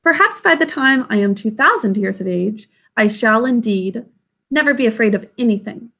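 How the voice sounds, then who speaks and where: A woman reading aloud, voicing a calm, ancient and wise great-grandmother who reassures a child. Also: fairly high pitch, moderate pace, gravelly, full character voice. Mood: tender. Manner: tender, reassuring.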